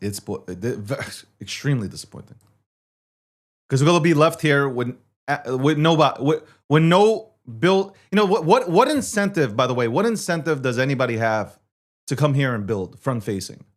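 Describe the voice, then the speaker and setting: A man's voice: mid-range voice, animated, moderate pace. A man hosting a show, ranting in heated, profane, sarcastic commentary. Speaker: show host.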